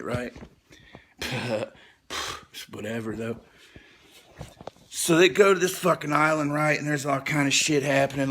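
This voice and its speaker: A man's voice: mid-range voice, fairly bright tone, a little hiss or hum. A man telling a rambling, profane comic recap in a laid-back way, with laughing asides. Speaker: storyteller.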